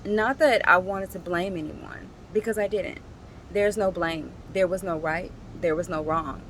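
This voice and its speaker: Slow, halting woman telling a story. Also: on the low side, a little hiss or hum, poor audio. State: tearful at times. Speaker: single parent. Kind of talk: personal reflective vlog.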